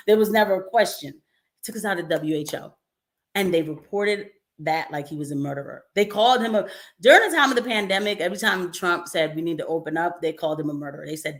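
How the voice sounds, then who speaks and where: A young adult woman hosting a casual commentary livestream, chatty and animated, with frequent laughs and asides to her viewers. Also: on the low side. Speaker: livestream host.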